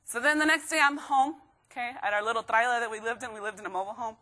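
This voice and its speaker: A woman in her thirties speaks to a room of students, her voice bright and a little high. She tells lively stories from her own life and acts out the voices in them. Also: fast. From Texas, USA. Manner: lively storytelling with acted quotes and laughs. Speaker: motivational speaker. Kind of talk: motivational talk to students. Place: stage before a live student audience.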